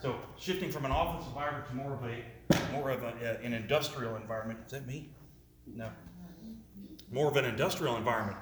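A man's voice: mid-range voice, brisk. Male presenter, interactive talk, quizzes the room, echoey hall, faint hiss. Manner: asks audience questions, repeats words, jokey asides. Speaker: speaker presenting to an audience. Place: room with a live audience. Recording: roomy with faint noise.

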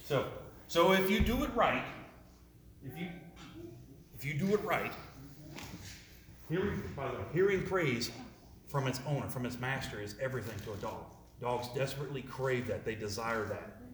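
A man's voice: mid-range voice, expressive, normal speed, pauses often, a bit bright. A man giving a talk with slides, asking his listeners questions, repeating his words and adding jokey asides. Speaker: speaker presenting to an audience. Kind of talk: interactive presentation with slides. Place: room with a live audience. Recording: roomy with faint noise.

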